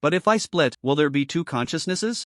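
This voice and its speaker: A man's voice: on the high side, lively intonation, normal speed, no room sound, studio quality, lightly acted. A man voicing a lazy but careful young man reborn as a black hole in a storybook recap. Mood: musing.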